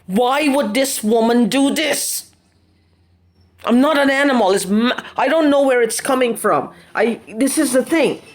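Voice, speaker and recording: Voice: high voice, measured pace. A person ranting angrily and repeating themselves into a camera. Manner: angry, rambling, repetitive questioning, swearing. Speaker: vlogger. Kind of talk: agitated personal video rant.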